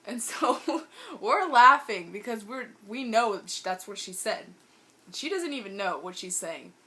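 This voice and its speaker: A woman vlogger telling a funny story in an animated, amused way. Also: mid-range voice, normal speed. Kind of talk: storytime vlog.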